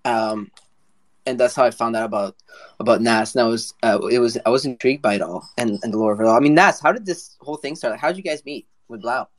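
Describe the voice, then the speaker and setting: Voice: mid-range voice, fast. A host on a live audio show, upbeat and curious, asking guests questions. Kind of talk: casual chat.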